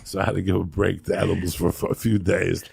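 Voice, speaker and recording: A deep, heavily gravelly man in his fifties spins a rambling, profane story and laughs as he goes. His voice is rough and husky, recorded dry and close on a studio microphone. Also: flat delivery, fast talker, a little mellow, no room sound. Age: 50s. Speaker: podcast host. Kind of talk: casual storytelling chat.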